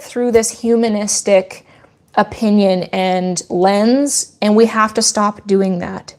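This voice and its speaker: A woman goat farmer talks through viewer questions in a casual vlog. She is earnest and firm, and she holds strong opinions. Her voice sits at an ordinary middle pitch for a woman. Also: fairly even intonation, takes it slowly, darkish tone.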